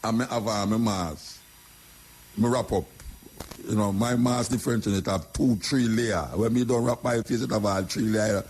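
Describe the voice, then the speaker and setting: A man's voice: on the low side, steady tone, normal speed, darkish tone, husky. An older Jamaican man talking in a casual monologue, repeating phrases as he tells his story in patois. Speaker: radio talk host.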